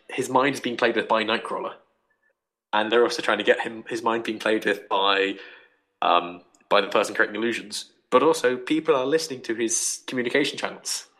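Young man, bright voice, casual podcast book review, animated, rambling. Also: on the low side, low-quality recording. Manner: rambling, animated, acts out quoted thoughts.

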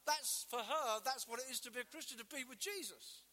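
High, bright-voiced impassioned male preacher. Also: brisk, big-room sound. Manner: passionate, acts out quotes, swings between loud and hushed. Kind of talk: sermon.

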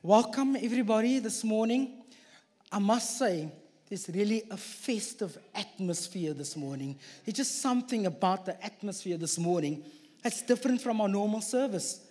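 A man's voice: high-pitched, lively intonation, normal speed, a little mellow. A man preaching a sermon with an accent that stands out to his listeners, mixing scripture with jokey, self-deprecating asides. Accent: non-local accent. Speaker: guest preacher. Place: church hall. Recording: echoey church hall.

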